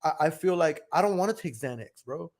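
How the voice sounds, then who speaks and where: A man's voice: a little high, lively intonation, fairly quick, darkish tone. A man with a Texan accent hosting a podcast, chatting casually and animatedly, often stammering and repeating words. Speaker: podcast host. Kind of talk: casual chat.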